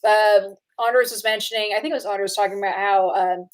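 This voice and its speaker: A young adult woman co-hosting a casual movie podcast. She talks in an excitable, chatty way, with lots of fillers and quick laughs. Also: mid-range voice. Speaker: podcast co-host.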